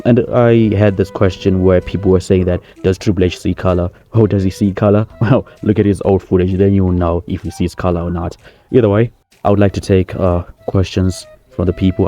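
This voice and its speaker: Guy doing a cocky wrestling star bragging, low mellow voice. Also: little pitch movement, brisk, natural voice. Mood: boastful. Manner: cocky, rambling, self-praising. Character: boastful male wrestling-star impression holding a press conference. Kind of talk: comedy sketch.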